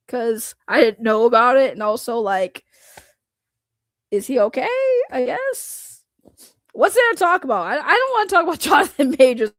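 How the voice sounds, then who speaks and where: A woman from Boston ranting on a live stream, loud, blunt and sarcastic, laughing often. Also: fairly high pitch, dry recording. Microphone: computer microphone.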